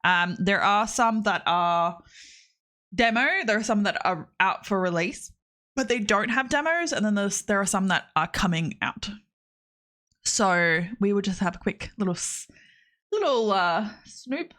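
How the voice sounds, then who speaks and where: A woman's voice: medium pitch, lively intonation, a little slow, fairly bright tone. Chatty Australian woman streamer. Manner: chatty, rambling, laughs often. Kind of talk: casual livestream chat.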